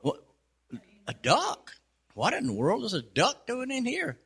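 A man's voice: very high voice, expressive, fast, pushed and bright, voice pushed up, heavily acted. A man voicing a flustered female coffee shop clerk in a joke, his voice raised and surprised.

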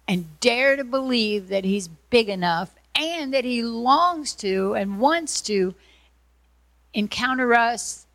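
A woman from Georgia, teaching a class from a manual as a prayer ministry teacher and telling lively stories. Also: medium pitch, no room sound. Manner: animated storyteller, acts out voices in anecdotes.

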